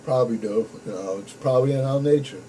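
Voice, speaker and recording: A young man tells his own story straight to camera in a casual vlog, addressing viewers as folks with blunt, swear-filled speech. His medium-pitched voice is mellow and quick, the recording is rough, and a faint hum runs underneath.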